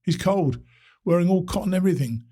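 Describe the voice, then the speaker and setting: A man voicing an anxious young male hiker who shouts to be heard over a breaking phone line. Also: high voice, animated, a little fast, pitched above the performer's own voice. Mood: anxious shouting.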